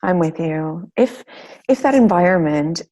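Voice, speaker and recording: A woman's voice: lowish voice, lively intonation, unhurried, mellow. A woman hosting a podcast interview, speaking in an earnest, reflective way. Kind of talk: conversational interview.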